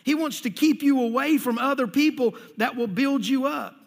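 A male pastor with a very high voice preaching a sermon, talking conversationally and often repeating words. He asks the congregation questions directly. The sound carries a long reverb from a large church hall. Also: normal speed, vocal fry.

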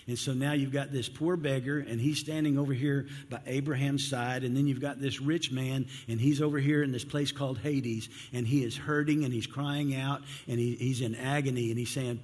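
A man's voice: mid-range voice, fairly even intonation, normal speed, few pauses, darkish tone. A male pastor preaching a sermon in an earnest, conversational way. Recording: long hall reverb.

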